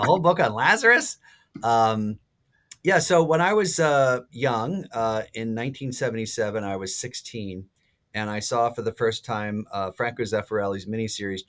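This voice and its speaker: A priest in his sixties, a podcast guest, telling stories in a lively way with many fillers and restarts. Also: fairly low pitch. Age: 60s. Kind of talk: casual podcast interview.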